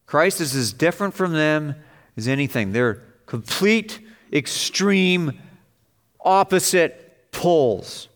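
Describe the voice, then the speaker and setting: A man delivers an expository sermon with emphasis, speaking slowly with lively intonation, and his pitch and volume climb whenever he stresses a vivid passage.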